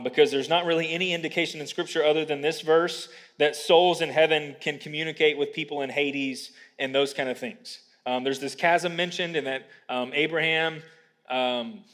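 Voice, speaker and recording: Guy preaching a sermon, slightly high voice, long echo hanging in a big church. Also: fairly bright tone. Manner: earnest, building to emphatic peaks, with frequent ums in asides. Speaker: pastor.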